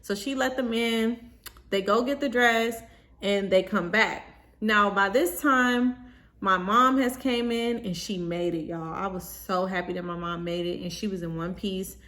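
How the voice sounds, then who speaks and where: A young woman telling a storytime vlog in an animated, slangy way, talking straight to her viewers. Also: mid-range voice, unhurried.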